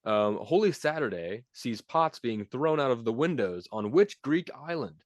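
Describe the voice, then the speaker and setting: A man's voice: medium pitch, expressive, no echo, clean studio sound. Playful young man reading quiz questions. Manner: playful, teasing, reads quiz questions quickly. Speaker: podcast co-host running a quiz. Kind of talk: casual podcast chat.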